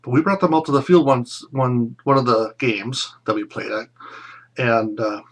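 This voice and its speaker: A man's voice: mid-range voice, steady tone. Man in his thirties, rambling fondly. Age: 30s. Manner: rambling, fond reminiscing with many pauses. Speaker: former classmate sending a reunion message. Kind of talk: casual recorded video message.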